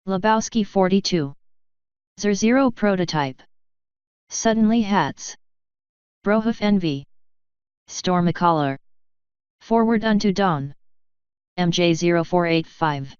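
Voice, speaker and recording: A woman reading a long list of supporter names for a fanfiction reading channel, in a slow, even way. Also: fairly low pitch, smooth, no room sound, highs cut off. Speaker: fanfiction reader.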